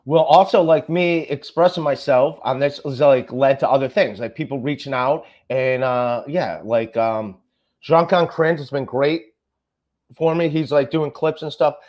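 A man's voice: mid-range voice, unhurried, a little mellow. A man hosting a casual podcast chat, rambling and stammering as he talks. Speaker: podcast host.

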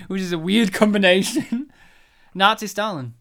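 A man's voice: high-pitched, slow pace. A man co-hosting a casual film podcast, talking animatedly and laughing often. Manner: animated, laughing, puts on silly voices. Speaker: podcast co-host.

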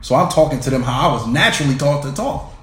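A man's voice: mid-range voice, expressive, fast talker. Easygoing male storyteller with a mid-range voice who keeps checking that his listeners agree; echoey room. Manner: anecdotal, asks for agreement with "right?". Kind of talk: casual storytelling. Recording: roomy echo.

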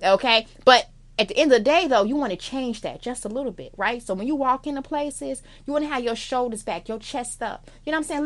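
A woman's voice: a little high, brisk. A young adult woman from the United States giving blunt, sassy life advice in a casual monologue, swearing freely and calling the listener girl.

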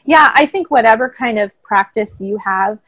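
A woman speaking as a guest in a casual interview, explaining things in a calm, thoughtful way. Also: fairly high pitch, moderate pace, no echo, low-quality recording. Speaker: voice coach guest. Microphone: own microphone, remote call.

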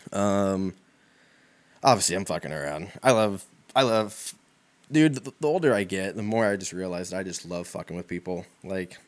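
A man's voice: low-pitched, fairly quick. A young man talking in a rambling, profane, laid-back comedic monologue full of fillers.

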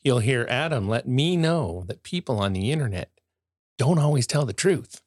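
A man co-hosting a casual chat show teases his co-host with dry remarks. His pitch moves a lot, and the sound is dry and close. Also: expressive, moderate pace, no room sound. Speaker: podcast co-host.

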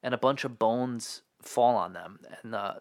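A man's voice: mid-range voice, dry recording, studio quality. Easygoing man recapping a movie. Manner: laid-back, filler-heavy retelling with quick impressions. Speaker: podcast co-host. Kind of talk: casual movie recap chat.

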